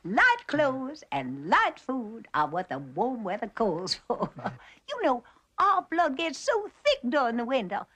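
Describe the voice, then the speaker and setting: A woman's voice: sits high, fairly bright tone. An older actress with a Southern American accent playing a chattering, genteel aging Southern mother who laughs often. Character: fluttery aging Southern belle mother, talkative. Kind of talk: television drama acting.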